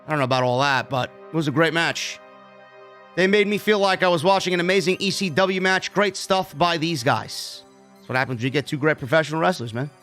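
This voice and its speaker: A man's voice: a little high, fairly quick, fairly bright tone, soft background music. A man hosting a live wrestling review stream, reading viewer super chats aloud and chatting casually with plenty of swearing. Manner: casual, profane, reads donor messages aloud.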